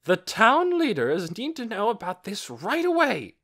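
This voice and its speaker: A man reading aloud and voicing a middle-aged village woman who is puzzled and stern, in a raised falsetto with a fussy, questioning manner. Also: wildly swooping pitch, measured pace, pushed and bright, exaggerated voice.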